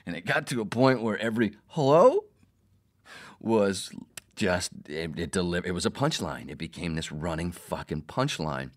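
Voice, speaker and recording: A man's voice: low voice, normal speed. A middle-aged man hosting a podcast, telling a profane story about his radio producer days in a casual monologue and acting out the quotes. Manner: profane, animated, acts out quotes.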